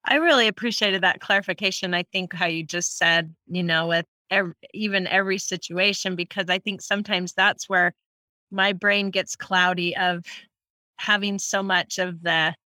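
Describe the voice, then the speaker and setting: Bright, earnest woman on a podcast. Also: lowish voice, fairly even intonation, moderate pace, dry recording. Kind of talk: casual podcast conversation.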